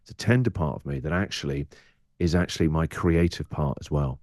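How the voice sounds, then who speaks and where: Man, English accent, very low voice, reflective, dry studio sound. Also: fairly quick, a little mellow, dry recording. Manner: reflective, acts out his inner voice in quoted asides. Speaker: radio presenter and guest. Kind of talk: candid podcast interview.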